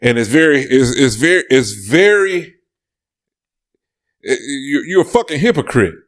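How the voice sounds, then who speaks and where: A man's voice: mid-range voice, animated, unhurried. Emphatic profane man on a podcast. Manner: emphatic, repeats phrases, profane. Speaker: podcast co-host. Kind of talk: casual podcast talk.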